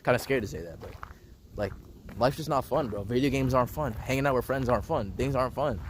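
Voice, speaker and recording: Young male vlogger, rambling slangy delivery, mid-pitch, faint background noise. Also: fast talker. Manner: slangy, rambling, says bro and dude a lot. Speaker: self-improvement vlogger. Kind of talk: casual personal monologue.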